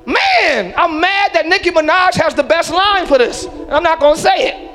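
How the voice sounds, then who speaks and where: A pastor preaching a live church sermon, with emphatic delivery that swings between shouts and hushed low lines. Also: male voice, big pitch swings, moderate pace, soft background music. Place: church sanctuary.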